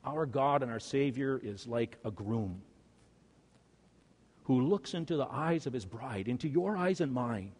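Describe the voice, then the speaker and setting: A man preaching a sermon as a pastor. He swings between loud, slow, emphatic peaks and quiet, low endings. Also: lively intonation, slightly rough. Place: church sanctuary. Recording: long hall reverb.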